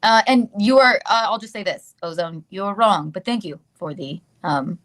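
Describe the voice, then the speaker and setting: A woman in a casual livestream coos and giggles to a small dog and thanks viewers for donations. Her voice sits at an everyday pitch, loose and playful. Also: lively intonation, normal speed, fairly bright tone. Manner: cooing, giggly, talks to a dog. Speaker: guest in a played livestream clip.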